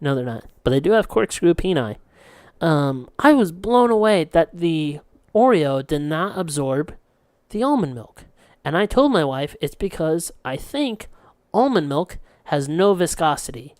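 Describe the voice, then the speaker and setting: A man's voice: a little high, sing-song, a little slow, darkish tone, dry recording, clean studio sound. A young man co-hosting a podcast, telling rambling stories in casual chat, swearing freely and laughing often. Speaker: podcast co-host.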